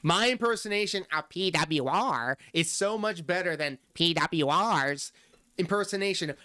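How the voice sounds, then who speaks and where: Male reaction streamer, slightly high voice, sarcastic, dry close-mic sound. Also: normal speed, bright, forceful tone, dry recording. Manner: sarcastic, laughs often. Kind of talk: casual reaction commentary.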